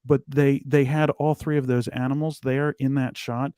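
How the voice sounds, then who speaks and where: Mellow-voiced man explaining casually. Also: medium pitch, flat delivery, normal speed, smooth, dry recording, studio quality. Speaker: podcast co-host. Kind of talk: casual discussion.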